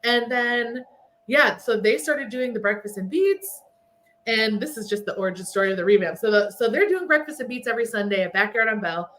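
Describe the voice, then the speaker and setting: A woman talks in a relaxed, chatty way, her voice sitting fairly high. She tells stories with many filler words. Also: a little fast. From Texas. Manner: chatty storyteller, lots of "like" fillers. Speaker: podcast guest. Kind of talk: casual chat.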